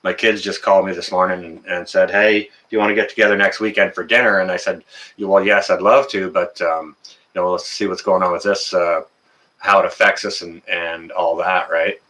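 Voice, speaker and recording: A man's voice: sits low, steady tone, a little fast, pushed and bright. A Canadian man hosting a casual livestream, greeting viewers in the chat by name and chatting with plenty of fillers. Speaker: livestream host.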